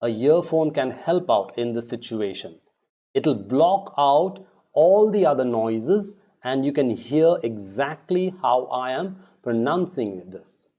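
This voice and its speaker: A man teaching English pronunciation, saying each word slowly and repeating it for practice. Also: medium pitch, expressive, mellow. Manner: slow, drawn-out, repeating words for practice. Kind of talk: pronunciation lesson.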